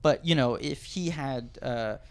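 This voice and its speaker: Male podcast guest, 30s, animated and digressive raconteur, average pitch. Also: a little slow. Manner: animated, digressive storyteller, does voices. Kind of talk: casual chat, storytelling.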